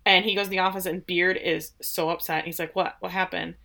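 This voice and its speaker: Bright-voiced woman animatedly retelling. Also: lowish voice, fairly quick, creaky. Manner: animated storytelling, acts out quoted lines. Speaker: podcast co-host. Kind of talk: casual chat recapping a show.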